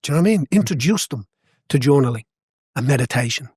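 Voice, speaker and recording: A man's voice: medium pitch, animated, fast, a little mellow, husky, dry recording, studio quality. Passionate man, emphatic podcast guest. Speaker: guest, boxing coach and cutman. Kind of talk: conversational podcast interview.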